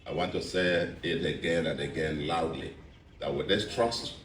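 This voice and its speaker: A very low-voiced Nigerian man delivers a victory speech as a re-elected governor, measured and emphatic, stacking repeated phrases. He sounds distant from the mic in a roomy, echoing space, with faint noise behind him. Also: fairly even intonation, fairly bright tone.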